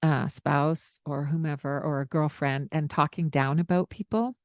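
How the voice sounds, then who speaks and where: A woman co-hosting a parenting podcast, giving calm, gentle advice and showing tones of voice. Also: deep voice, moderate pace, no echo, studio quality. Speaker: podcast co-host, parenting coach. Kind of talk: casual advice chat.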